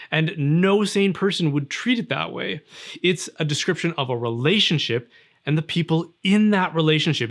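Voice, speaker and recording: Here a man with a fairly high pitch and fairly bright tone argues earnestly about religion in an opinion monologue. As a religious commentator, he now and then slips into acted-out little scenes.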